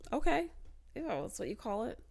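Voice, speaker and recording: A woman co-hosting a casual comedy chat, upbeat and quick to defend herself. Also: a little high, big pitch swings, creaky, a little mellow. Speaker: co-host.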